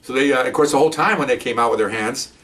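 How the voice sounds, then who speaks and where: Older retired cop storyteller, rapid and animated, recorded a bit away from the mic. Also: male voice, medium pitch, recorded from a distance. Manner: animated, laughs while telling, acts out voices. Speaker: retired police officer. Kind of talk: casual storytelling.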